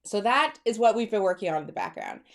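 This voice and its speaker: Excited chatty woman fertility coach. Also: mid-range voice, fast. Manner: chatty, excited and personal, calls viewers girl and sis. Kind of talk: direct-to-camera coaching talk.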